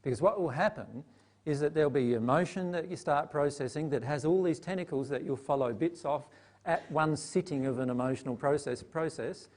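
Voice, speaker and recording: Man, slightly higher voice, live group teaching, conversational, asks the audience questions. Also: fairly quick, a little mellow. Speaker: teacher leading a Q&A session.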